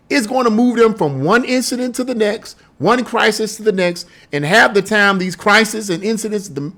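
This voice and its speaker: A man's voice: high voice, a bit bright. A man giving his political opinions in a casual vlog, emphatic and scoffing, with lots of rhetorical questions. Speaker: political commentator.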